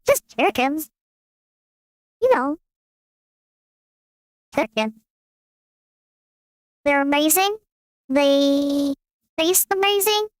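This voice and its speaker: A man putting on a silly, very high voice for a goofy rambling character, joking crudely. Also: animated, drawn-out words, pauses often, no room sound, full character voice.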